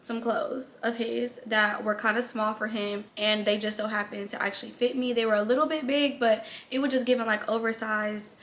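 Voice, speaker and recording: Casting: young woman, vlog storyteller, high and bright, blunt and profane. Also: steady tone, moderate pace, few pauses, slight background noise. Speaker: vlogger.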